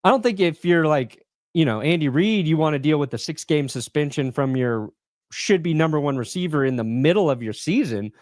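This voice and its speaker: A man's voice: fairly high pitch, lively intonation, moderate pace, a little mellow, no room sound, clean studio sound. A man co-hosting a casual sports podcast, chatty and loose, with lots of fillers and restarts. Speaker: podcast co-host.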